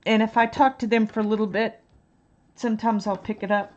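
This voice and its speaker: A woman's voice: a little high, flat delivery, fairly quick, a little mellow, highs cut off. A woman from Texas chatting casually on stream while coloring, rambling and self-deprecating.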